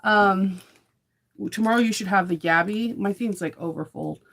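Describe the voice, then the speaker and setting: A woman's voice: medium pitch, moderate pace, background noise. A woman chatting casually in a morning sewing vlog, upbeat and rambling with fillers. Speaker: sewing vlogger.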